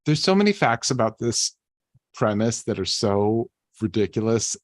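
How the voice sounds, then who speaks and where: A man's voice: on the low side, very animated, moderate pace, no room sound. A man co-hosting a podcast in casual chat, rambling loosely and swearing offhandedly. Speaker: podcast co-host.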